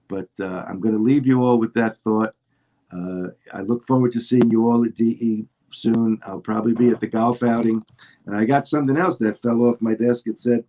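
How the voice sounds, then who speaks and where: Guy with a lowish voice getting choked up, lots of uh and and-and, heartfelt sign-off. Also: fairly even intonation, mellow, low-quality recording. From Atlanta. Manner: emotional, halting with fillers. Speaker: guest chiropractor. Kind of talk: heartfelt closing remarks.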